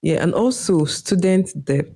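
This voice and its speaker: A young Nigerian woman co-hosting a podcast, chatting casually and explaining her points in quick, easygoing bursts. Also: on the low side, expressive, dark tone, slightly rough. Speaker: podcast co-host. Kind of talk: casual chat.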